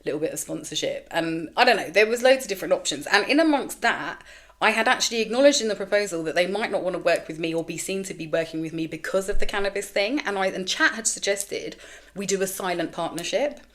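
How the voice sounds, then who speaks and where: A middle-aged woman telling a candid story as a podcast host, animated and sweary, acting out quoted voices. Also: medium pitch, fast talker. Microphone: camera with mic, solo recording.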